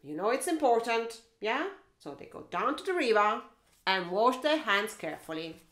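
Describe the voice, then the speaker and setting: Animated, high-voiced woman storyteller. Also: moderate pace, reverberant. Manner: animated, playful, with mouth sounds and sing-song asides. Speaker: teacher and storyteller. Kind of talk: reading a picture book aloud to children.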